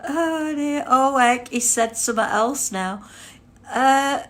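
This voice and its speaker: A woman's voice: on the high side, takes it slowly, a bit bright. An older woman chatting casually on a livestream, reading out chat comments and laughing constantly. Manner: giggly, breaks into frequent laughter.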